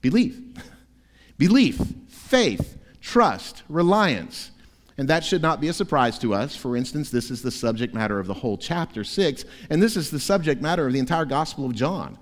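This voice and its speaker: A man preaching a sermon as pastor, emphatic, with forceful peaks. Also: a little high, expressive, moderate pace, long reverb tail. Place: church sanctuary.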